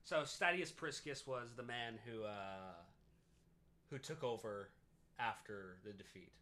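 A Canadian man talks through history on a casual podcast, circling back and correcting himself as he goes. His voice is bright and forward, and his pitch sits in a middle range. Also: measured pace. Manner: explains at length with frequent fillers and self-corrections. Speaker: podcast host.

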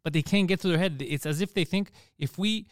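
A man hosting a podcast in casual chat, talking in an animated way and swearing freely. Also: high voice, fairly quick, no room sound, clean studio sound. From Canada. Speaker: podcast host.

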